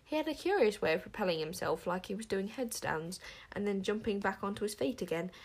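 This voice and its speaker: A woman reading a children's fantasy story aloud, lively and expressive. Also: fairly quick. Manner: lively, voices the characters with big pitch jumps. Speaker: audiobook narrator.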